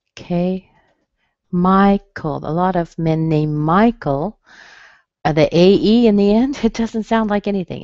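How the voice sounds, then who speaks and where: Slow, low-voiced woman teaching. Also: darkish tone, no room sound. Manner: slow, patient, repeats words for drill. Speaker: pronunciation teacher. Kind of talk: online class teaching. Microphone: computer mic. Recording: dull muffled webinar audio, dry.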